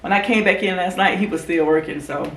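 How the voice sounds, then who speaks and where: A woman vlogger telling a casual story to her camera, animated and acting out what people said. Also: a little fast, a little hiss or hum. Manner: animated storyteller, acts out quotes in a higher voice. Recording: echoey room.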